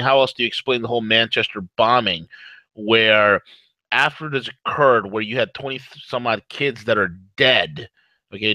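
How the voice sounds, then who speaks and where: A man's voice: mid-range voice, no echo, rough recording. A man co-hosting a morning radio talk show, reading sponsor ads and ranting in a fired-up way, laughing between his points. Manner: fired-up, rants loudly, jokes and laughs. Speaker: co-host. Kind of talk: talk radio commentary with ad reads.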